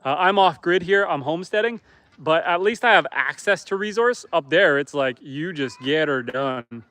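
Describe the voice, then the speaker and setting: A man's voice: a little high, expressive, moderate pace, sharp tone, dry recording. A man from Canada, a homesteader, chatting casually on a livestream outdoors by a campfire, reading viewer comments aloud and answering them.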